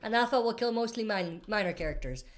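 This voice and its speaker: A woman's voice: mid-range voice, lively intonation, quick pace. A woman hosting a casual live stream, reading out viewer comments and answering in a rambling way, often stopping to correct herself. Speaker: livestream host answering viewer questions.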